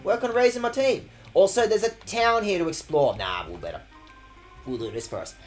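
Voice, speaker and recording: A man's voice: high-pitched, animated, moderate pace, faint music behind. A man streaming a game with sweary, jokey commentary. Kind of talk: casual gaming commentary.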